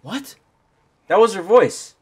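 A young man giving excitable, swearing commentary while playing a game. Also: high voice, slow, husky. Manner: excitable, swearing, loud outbursts. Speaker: streamer. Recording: voice with game music behind.

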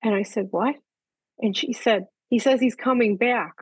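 Older woman, husky voice, dry close sound, animated storyteller, casual chat. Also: fairly high pitch, normal speed, no room sound, poor audio. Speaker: animal communicator guest.

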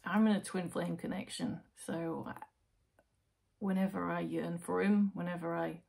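A woman with a gravelly, slightly husky voice gives a tarot reading straight to camera. She coaxes the viewer with question after question, then eases into slow, soothing guided breathing. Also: on the low side, steady tone, a little mellow. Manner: coaxing, talks straight to the viewer with rhetorical questions. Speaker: tarot reader.

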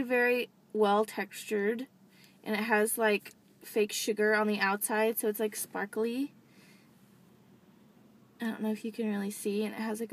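A young woman from the United States chatting excitedly in a casual unboxing vlog, filmed on a camera set down inside a parked car. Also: medium pitch, slight background noise. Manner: bubbly, chatty, apologetic, many "like" and "really". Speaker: vlogger. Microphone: handheld camera set down on the dashboard.

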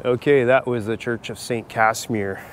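A man giving a relaxed, chatty travel vlog commentary while walking outdoors through a city. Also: mid-range voice, moderate pace, a little hiss or hum. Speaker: travel vlogger. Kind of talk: casual walking vlog narration.

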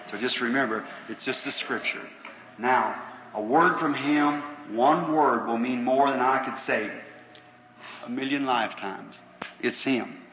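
Folksy Southern preacher in an echoey hall. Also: male voice, medium pitch, dull audio, slight background noise. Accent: Southern American. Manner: folksy, earnest, calls out numbers to the crowd. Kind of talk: revival sermon and healing line. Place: large auditorium. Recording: old echoey hall tape from far off.

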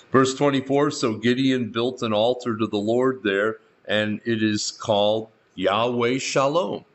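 A man's voice: lowish voice, dull audio. A male pastor reading scripture verse by verse and adding his own remarks, with dry asides in between. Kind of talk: verse-by-verse Bible teaching.

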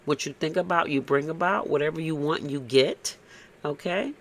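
A man's voice: fairly high pitch, moderate pace. A man giving a casual, blunt tarot reading, tagging "okay?" onto his points and cursing freely. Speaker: tarot reader.

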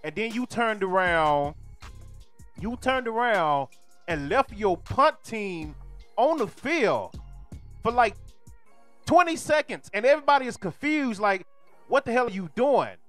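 A hoarse male streamer delivers an exasperated sports rant and hammers the same points again and again. His voice sits high despite the strain. Faint music plays underneath. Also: big pitch swings, a little slow, fairly bright tone. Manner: exasperated, repeats his complaints.

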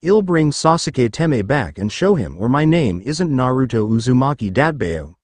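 A man's voice: mid-range voice, big pitch swings, moderate pace, no room sound. Naruto, a man reading a brash boy ninja. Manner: loud, whiny, impatient. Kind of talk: fan fiction read aloud.

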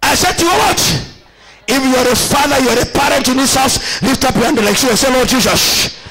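A man with a Kenyan accent preaching a sermon as a bishop, using call-and-response and repeating his lines back to the congregation, shifting between shouted, sing-song declarations and quieter asides. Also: very high-pitched, brisk, noisy background. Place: church.

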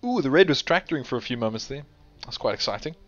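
A man hosting a game tournament stream, tired and with a sore throat, chatting in a relaxed, chuckling, rambling way. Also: medium pitch, fast talker. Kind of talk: casual live game commentary. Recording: dull lo-fi stream audio with game music. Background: faint game music.

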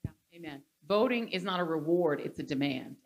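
A woman's voice: deep voice, expressive, brisk. Blunt, emphatic woman moderator. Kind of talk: live onstage conversation.

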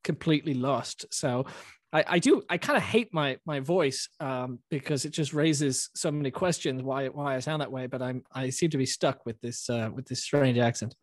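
A man's voice: medium pitch, moderate pace, no room sound. A young man with a hybrid English-American accent, answering interview questions with many restarts and a wry tone. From born in England, raised in Florida. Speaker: guest, magazine editor.

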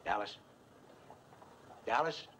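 An actor playing a gruff, commanding frontier marshal. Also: male voice, takes it slowly, natural voice. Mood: stern. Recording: film soundtrack with background noise.

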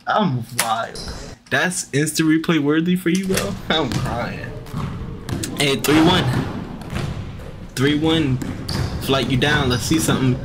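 Slow-talking man teasing through reaction commentary. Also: on the high side, heavy background noise. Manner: teasing, mocking, repeats himself. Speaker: reaction video host.

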